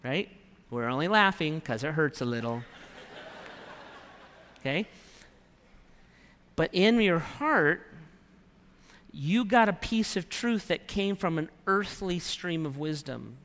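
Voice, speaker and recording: High-voiced male pastor in a reverberant hall. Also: animated, slow, long pauses, a bit bright. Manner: conversational preaching, acts out quoted prayers. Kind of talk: sermon.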